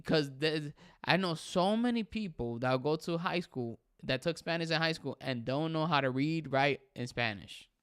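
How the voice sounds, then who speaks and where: A young man runs a casual livestream, chatting with his viewers and reading their comments out loud while moving easily between English and Spanish. His animated voice is slightly high, smooth and clear. The recording is dry and close-miked, with no room sound.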